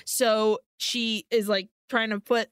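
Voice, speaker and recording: A woman's voice: a little high, flat delivery, slow pace, fairly bright tone, clean tone, no echo, studio quality. A woman co-hosting a podcast, casually retelling a film plot, swearing freely and dropping Spanish words into her English. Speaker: podcast co-host.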